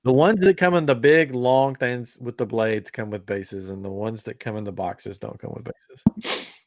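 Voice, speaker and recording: A man's voice: mid-range voice, fairly even intonation, moderate pace, no echo. A man co-hosting a live show, chatting casually and teasing his co-host. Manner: teasing, laughs often. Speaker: podcast co-host. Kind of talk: casual live-stream chat. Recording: dry muffled stream audio.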